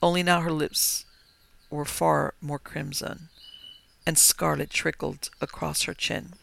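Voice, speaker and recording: A man reading a horror story aloud in a slow, dramatic way. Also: fairly high pitch, little pitch movement, creaky, pushed and bright, slight background noise. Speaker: narrator.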